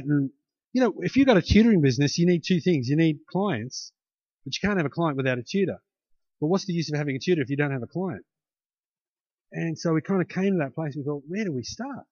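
A middle-aged man preaching a sermon, his voice sitting a little high for a man. He talks in a chatty, storytelling way and lifts into emphatic peaks. The sound is dry and slightly dull. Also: darkish tone, dry recording. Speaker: pastor.

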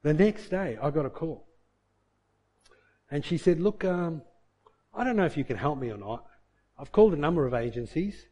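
A man preaching in a relaxed, conversational sermon, breaking into a personal story with many restarts and questions to the congregation. His voice sits a little high for a man. The tone is soft and mellow. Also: moderate pace, pauses often.

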